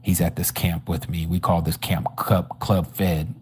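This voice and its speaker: A man's voice: sits low, level tone, a little slow, slightly rough. A man giving a personal testimony at a religious study, telling his story animatedly and acting out the dialogue. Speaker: Bible study teacher. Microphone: livestream microphone.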